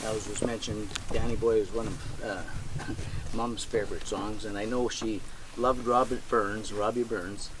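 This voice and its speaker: Halting man reading at a graveside. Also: fairly low pitch, level tone. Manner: halting, plain-spoken, with many fillers. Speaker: son of the deceased. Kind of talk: graveside tribute and poem reading. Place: outdoor cemetery. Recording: outdoor recording with clear background noise.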